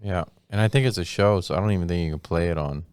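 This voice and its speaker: A man's voice: deep voice, fast talker, darkish tone, slight background noise. A man on a casual comedy podcast, talking crudely and rambling through made-up scenarios. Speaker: podcast co-host.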